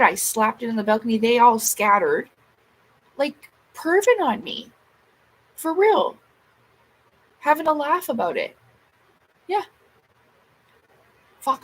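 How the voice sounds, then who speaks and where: In a casual vlog, a woman vents to her viewers, agitated and swearing as she acts out her side of arguments. Her voice is fairly high, fairly bright and a bit breathy, and the low-quality recording has faint background noise.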